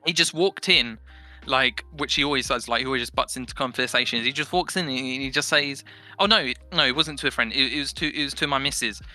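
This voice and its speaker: Brief: young man on a headset, very bright voice, rambling animated storyteller. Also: mid-range voice, fast, soft background music. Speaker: podcast guest. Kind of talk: casual chat.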